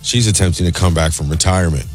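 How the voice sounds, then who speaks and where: A man reading a sports news update on radio in a brisk, even newsreader manner. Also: deep voice, soft background music. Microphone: studio mic.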